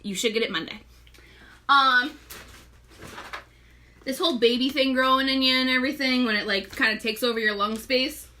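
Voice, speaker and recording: A woman's voice: high-pitched, steady tone, normal speed, pauses often, bright, forceful tone, slight background noise. A young pregnant woman hosting a casual live makeup tutorial, chatty, greeting viewers by name and often short of breath. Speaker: makeup seller and live-stream host.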